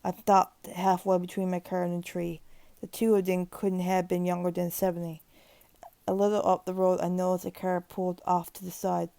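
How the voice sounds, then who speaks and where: Woman, gravelly, dark low voice, steady grim narration, creepypasta reading, occasional restarts. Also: moderate pace, no echo. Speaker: horror story narrator.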